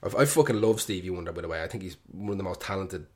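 Swearing Irish radio host, lowish voice. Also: male voice, lively intonation, racing. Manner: swears freely, joking and irreverent. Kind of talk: casual rambling monologue.

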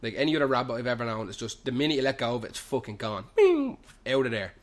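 A young Irishman racing along at a medium pitch hosts a podcast in a pub, spinning a rambling, comic yarn. He drops Dublin slang and constant swear words as the story runs on loosely.

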